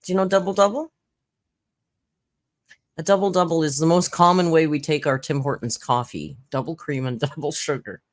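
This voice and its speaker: Give me a chatty host who giggles often and explains slang in casual commentary. The voice sits at a middling pitch. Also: fairly even intonation, moderate pace. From Southern Ontario, Canada. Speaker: reaction channel host.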